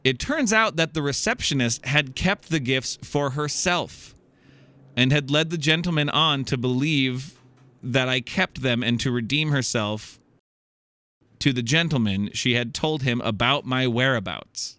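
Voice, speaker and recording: Speaking at a measured pace in a medium-pitched voice with no room sound, a man reads a listener's tale aloud on his comedy podcast. He laughs often and drops in jokey comments with animated energy.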